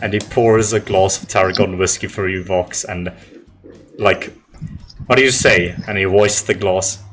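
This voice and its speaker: Lively man running a tabletop game. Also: deep voice, normal speed. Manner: lively, laughs often. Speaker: game master.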